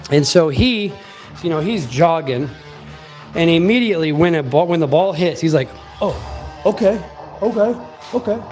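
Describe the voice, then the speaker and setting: A man in his twenties telling a personal story in a casual, animated, emphatic way, swearing freely. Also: fairly high pitch, moderate pace, faint music behind.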